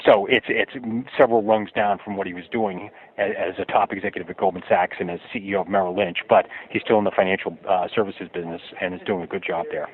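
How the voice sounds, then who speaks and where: A lowish male voice comes through a narrow, tinny phone line. He is an author answering interview questions, explaining at length in a storytelling way and often restarting his sentences. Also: steady tone, fast talker, hardly any pauses. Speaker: author guest.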